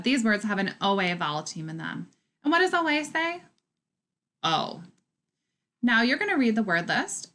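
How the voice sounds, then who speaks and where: Lively-voiced woman teaching phonics. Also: mid-range voice. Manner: slow, clear, encouraging teacher voice. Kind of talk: recorded phonics lesson.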